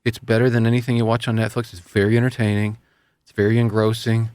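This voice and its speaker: A man's voice: on the low side, level tone, fast talker, a little mellow, smooth, no echo. A man hosting a casual talk show, speaking in an earnest, rambling, self-deprecating way. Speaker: radio host. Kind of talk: casual chat.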